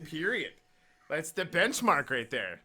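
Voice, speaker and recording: A man's voice: a little high, big pitch swings, measured pace, sharp tone. A man hosting a podcast, chatting casually, laughing often and stumbling over his words. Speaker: podcast host. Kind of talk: casual chat.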